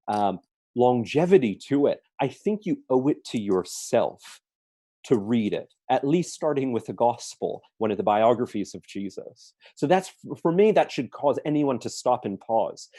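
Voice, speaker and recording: A man's voice: medium pitch, warm tone, no room sound. A man giving an earnest apologetics talk at a church forum, listing his points one by one with emphasis. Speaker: apologetics speaker. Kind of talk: forum talk answering questions.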